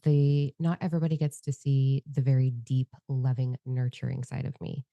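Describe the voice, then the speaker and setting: Woman, very low pitch, dark timbre, dry close sound, candid flowing podcast chat. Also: normal speed, dry recording. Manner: candid, free-flowing, expressive storyteller. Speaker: podcast co-host. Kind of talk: casual heart-to-heart chat.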